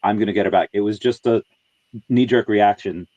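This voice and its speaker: A man hosting a podcast, telling a rambling story in relaxed casual chat. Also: lowish voice, fairly quick, no echo, highs cut off. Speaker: podcast host.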